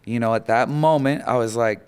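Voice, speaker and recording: A man with a smooth, resonant voice at a middle pitch tells a painful personal story as a podcast guest. He talks in an animated way, full of "you know" and "like", and acts out what people said. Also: a little fast. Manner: animated, acts out quotes, many fillers.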